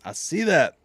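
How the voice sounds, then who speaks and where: A hoarse man, his voice nearly gone, chats casually with viewers on a live reaction stream. His voice sits a little high for a man, and the sound is dry and close, with no room echo. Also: fairly bright tone. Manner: chatty, talks straight to viewers, reading out chat.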